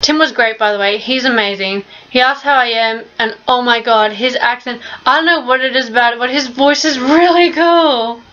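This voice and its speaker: A young woman narrating her vlog in a voice-over, telling an excited fan story with casual swearing. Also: fairly high pitch, normal speed, few pauses, lo-fi sound. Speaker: vlogger.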